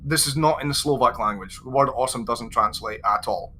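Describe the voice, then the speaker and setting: A Scottish man chats as a guest on a livestream, his voice bright and forward. He tells lively stories and drops into other people's voices as he quotes them. There is a faint hiss of noise behind him. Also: medium pitch, fairly quick. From Scotland. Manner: animated storyteller, acts out quoted voices. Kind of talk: casual chat on a livestream.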